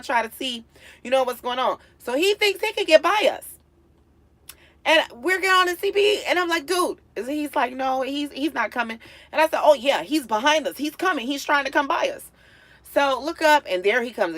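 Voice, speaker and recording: Woman vlogging, tells a story all animated, acts out what everybody said, kinda high voice. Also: no echo. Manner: animated, acts out quotes with big swings in loudness. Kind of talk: casual storytelling to viewers.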